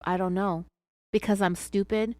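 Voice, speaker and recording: A woman's voice: medium pitch, steady tone, normal speed, a little mellow, no echo, close to an everyday voice. A woman voicing a defensive female suspect who protests her honesty under questioning.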